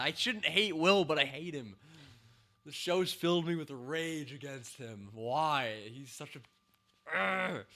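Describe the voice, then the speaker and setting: A man's voice: fairly high pitch, vocal fry, sharp tone. A man reviewing a TV show in a ranting commentary, exasperated, sighing and laughing in disbelief.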